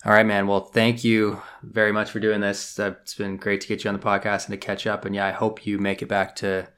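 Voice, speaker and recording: A man's voice: lowish voice, a little fast, clear, resonant tone. A man hosting a podcast, asking casual questions and reading a closing plug. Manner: relaxed, laughs easily, asks short questions. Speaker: podcast host. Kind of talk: casual interview, then scripted outro.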